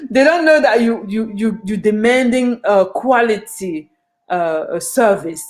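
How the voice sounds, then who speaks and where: A woman's voice: mid-range voice, expressive, a little slow. A woman from Ghana, speaking to her viewers in a casual opinion monologue. She is earnest and passionate and often restarts her sentences. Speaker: vlogger.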